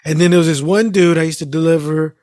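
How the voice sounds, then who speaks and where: A man with a high, bright-pitched voice rambles through everyday stories in a casual chat. He swears freely and breaks into laughter often. The sound is dry and close, with no room around it. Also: fairly even intonation, quick pace, no room sound.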